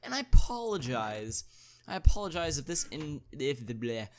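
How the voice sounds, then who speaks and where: A man hosting a gaming video, thinking aloud as he plays, chatty, with excited interjections. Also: fairly high pitch, normal speed. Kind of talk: casual gameplay commentary.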